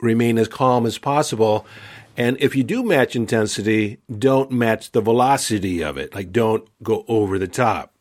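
A man hosting a podcast, giving calm, earnest advice in a measured way. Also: fairly low pitch. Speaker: podcast host. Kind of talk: advice talk.

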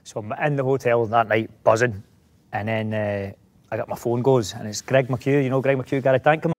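A middle-aged Scottish actor, a guest in a casual interview, rambling through anecdotes with many restarts. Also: male voice, mid-range voice, steady tone, moderate pace.

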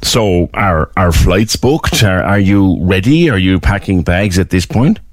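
A man's voice: deep voice, animated, unhurried, no room sound, studio quality. A man with a Cork Irish accent hosting a casual radio interview and asking curious questions. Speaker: radio host.

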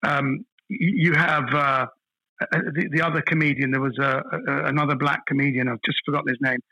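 A man, a guest on a casual podcast, tells stories with animated energy. His voice is bright and forward, with a husky edge, set a little high for a man. The recording is dry and close. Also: fairly quick, no room sound, rough recording. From London, England. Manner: animated storyteller, repeats words when starting a thought. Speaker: guest comedian.

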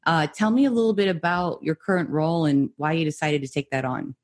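Low-voiced upbeat American woman host. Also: brisk. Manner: upbeat, enthusiastic. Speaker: podcast host. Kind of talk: interview podcast.

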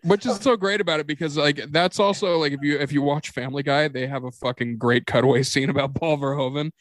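Man, podcast co-host, higher voice, dry close sound, laughs a lot, swears. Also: fast talker, no echo. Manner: laughs often, swears, animated storytelling. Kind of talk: casual chat.

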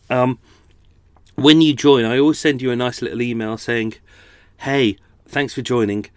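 A man's voice: mid-range voice, dry recording, clean studio sound. A middle-aged man hosting a podcast at home, tired and chatting in a rambling, self-correcting way. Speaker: podcast host. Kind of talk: casual chat. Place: at home indoors.

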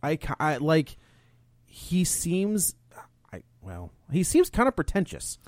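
A man's voice: a little high, huge pitch swings, slow, a little mellow, dry recording, studio quality. A man chatting casually as a podcast co-host, recapping a film plot with many fillers and restarts. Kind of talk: casual movie review chat.

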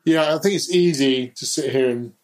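A man's voice: a little high, moderate pace, low-quality recording. Reflective man speaking candidly. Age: adult. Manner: reflective, candid, laughs at himself. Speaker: guest. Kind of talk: candid conversational chat.

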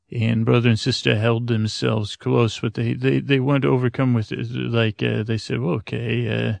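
A man's voice: mid-range voice, creaky, darkish tone, no echo. A man improvising a bedtime story, rambling with many fillers and self-corrections.

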